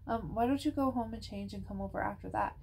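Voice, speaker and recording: A woman voicing a hesitant, guarded preteen girl who talks in halting, awkward phrases in a storybook reading. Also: medium pitch, vocal fry, darkish tone, slight background noise, natural voice.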